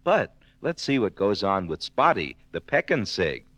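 A man telling a comic tale full of swapped sounds, playful and lively, on an old record. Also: lowish voice, unhurried, no room sound, muffled recording. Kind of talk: comic storytelling in spoonerisms.

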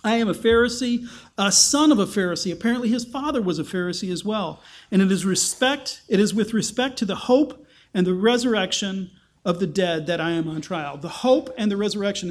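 High-voiced man teaching a Bible sermon. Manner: conversational, thinks aloud with restarts and asides; acts out quotes with rising emphasis. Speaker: pastor.

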